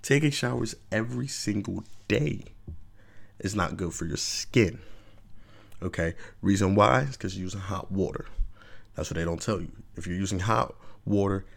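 A man's voice: low voice, gravelly. Man ranting in an emphatic casual commentary. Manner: emphatic, rambling, with constant rhetorical check-ins. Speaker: vlog host.

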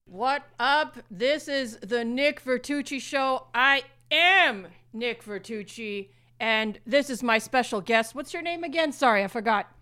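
A woman with a high, expressive, pushed and bright voice does a comic impression of a brash male poker-show host, speaking unhurriedly. The character rambles in circles without ever getting to the point, curses crudely, coughs, clears his throat and keeps plugging himself.

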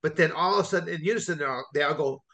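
A man's voice: a little high, very fast, fairly bright tone. A man co-hosting a casual chat, talking animatedly and acting out reactions. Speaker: co-host.

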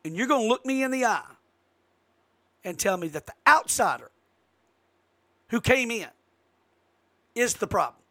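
Host, male, high bright voice, fired-up political rant with loud jumps. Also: animated, a little slow, long pauses. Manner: emphatic, rising to sudden loud outbursts. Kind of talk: impassioned political monologue.

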